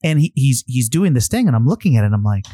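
A man co-hosting a podcast, telling stories in an emphatic, animated way. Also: mid-range voice, quick pace, no room sound, clean studio sound. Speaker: podcast co-host, former service director. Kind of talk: casual podcast chat.

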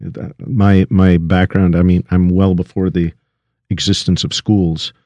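A man's voice: low-pitched, little pitch movement, mellow, dry recording, dull audio. A middle-aged man, a recording engineer, telling how he got started in an interview, with frequent restarts and fillers. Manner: halting, many restarts and fillers. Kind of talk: storytelling interview.

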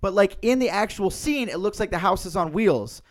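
A man in a relaxed podcast conversation about films, with a voice a little high for a man. He talks in a chatty, rambling way, stringing his thoughts together with "like" while retelling movie scenes. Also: normal speed. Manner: chatty, storytelling, many "like" fillers. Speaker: podcast co-host. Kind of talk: casual movie chat.

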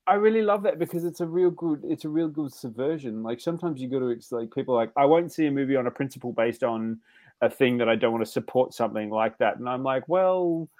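A man co-hosts a casual podcast chat, his voice sitting in a middle pitch. He talks with animated energy, jumping up high when he acts out what other people said. The sound is dry and close. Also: fast, no room sound. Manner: animated, acts out quotes with big pitch jumps. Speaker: podcast co-host.

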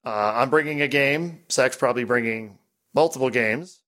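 A man hosting a casual pinball podcast, chatty and rambling, animated as he talks. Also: medium pitch, moderate pace. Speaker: podcast host.

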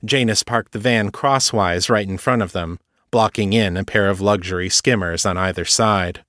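A man narrating a serialized fiction story in a steady, even manner. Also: fairly low pitch, normal speed, dry recording, studio quality. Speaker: audiobook narrator.

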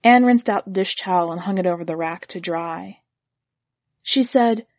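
Woman narrator, husky tone, dry close sound, steady storybook reading. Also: lowish voice, normal speed, no echo.

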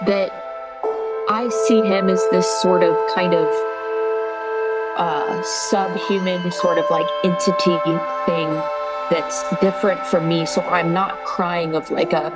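A young woman crying as she tells a painful personal story, halting and restarting often. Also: fairly low pitch, fairly even intonation, over loud music, low-quality recording. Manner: tearful, halting, many ums and restarts. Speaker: interview guest telling her story. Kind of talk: emotional personal account.

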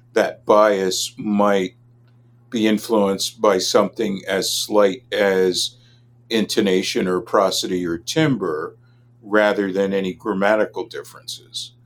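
A man from Los Angeles, a linguist answering interview questions in a measured, academic way. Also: lowish voice, little pitch movement. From Los Angeles, USA. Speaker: linguist, guest expert.

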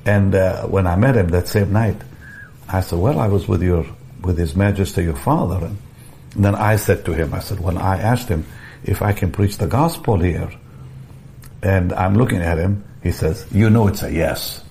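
An older man telling a personal story in an interview, animated, often repeating words, restarting phrases and chuckling. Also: low-pitched, moderate pace, vocal fry, a little hiss or hum. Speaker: evangelist guest telling a story.

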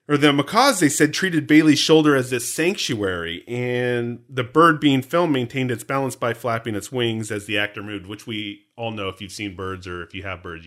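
Bright-voiced chatty man hosting. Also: mid-range voice. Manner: chatty, jokey, frequent laughter. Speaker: podcast co-host. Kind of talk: casual chat.

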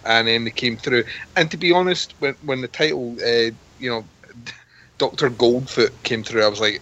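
Bright, husky-voiced male podcast guest. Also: medium pitch, animated, moderate pace, muffled recording. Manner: chatty, self-deprecating. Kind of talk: casual chat.

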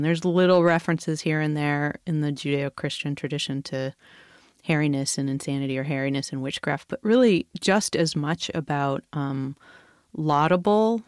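A woman's voice: deep voice, no echo, studio quality. A woman guest explaining a history topic in a thoughtful, academic way. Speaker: guest expert. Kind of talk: explanatory interview answer.

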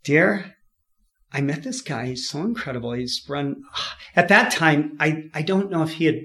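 A man from California, a podcast guest, telling his story in a lively way, laughing often and acting out what people said. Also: fairly high pitch, normal speed. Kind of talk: storytelling in an interview.

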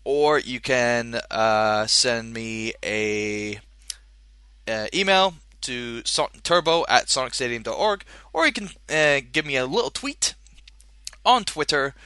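Rambling podcast host. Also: male voice, mid-range voice, animated, takes it slowly, sharp tone, clear, resonant tone, no echo, clean studio sound. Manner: rambling, jokey, many fillers. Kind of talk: casual chat.

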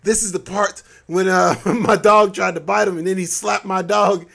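A man's voice: on the high side, normal speed, vocal fry, fairly bright tone. A man hosting a solo podcast, talking loosely and joking, often breaking into laughs. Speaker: podcast host. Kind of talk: casual solo podcast monologue.

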